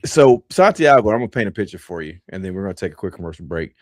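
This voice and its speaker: A man's voice: deep voice, sing-song, fast talker, a little mellow, dry recording. A man hosting a podcast, telling a laid-back, rambling story with many fillers, close to the mic. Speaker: podcast host. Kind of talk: casual storytelling.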